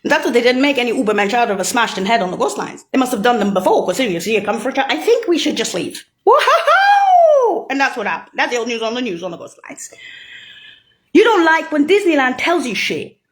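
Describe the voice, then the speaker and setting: A woman in a profane, rambling rant, mocking and swearing heavily, jumping between loud outbursts and low muttering. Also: very animated, quick pace.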